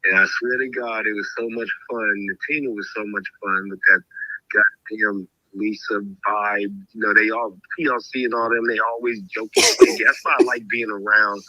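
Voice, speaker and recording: A man hosting a show, telling a story in a casual, animated way and acting out the voices of the people in it. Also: fairly low pitch, moderate pace, no echo, lo-fi sound.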